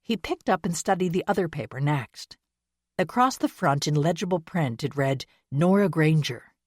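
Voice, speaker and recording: A woman narrating a historical romance audiobook in a measured, expressive manner. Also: sits low, no room sound, clean studio sound. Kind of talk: scripted narration.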